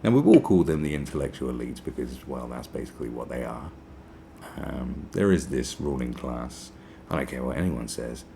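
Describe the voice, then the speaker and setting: Deep-voiced british guy ranting on his podcast, swings his pitch all over, swears a lot, faint hiss behind. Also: lively intonation, moderate pace, gravelly, dark tone. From Britain. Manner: ranting, sarcastic, swears, mimics people in high mocking voices. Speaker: podcast host. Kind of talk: opinionated podcast monologue.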